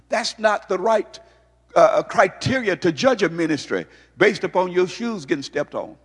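A man's voice: expressive, moderate pace, slightly rough. Pastor guy preaching, big questions, voice rising and dropping, long echo off the hall. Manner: emphatic preaching with rhetorical questions, pitch swinging high and low. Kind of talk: sermon.

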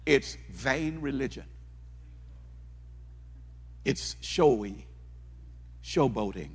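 Husky-voiced man preaching in a reverberant hall. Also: medium pitch, lively intonation, takes it slowly, long pauses. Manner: fervent, repetitive preaching that asks the congregation questions. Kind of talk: sermon.

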